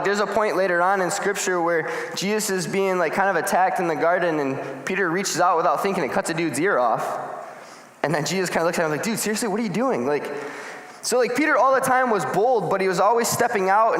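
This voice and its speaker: High-voiced young preacher in an echoey hall. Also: male voice. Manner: animated storytelling, acts out scenes. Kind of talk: casual youth sermon.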